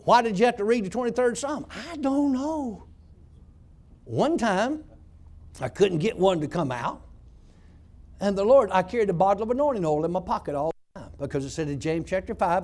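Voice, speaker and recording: A man's voice: high-pitched, lively intonation, moderate pace, darkish tone. A man telling a testimony story as a former prison pastor, in a folksy, emphatic way.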